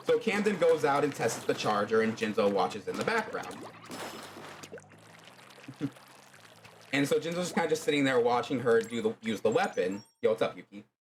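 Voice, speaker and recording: Man narrating his fan story on a stream, lively pitch, rambling. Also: moderate pace, long pauses, noisy background. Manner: animated, rambling, many fillers. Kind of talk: casual spoken storytelling.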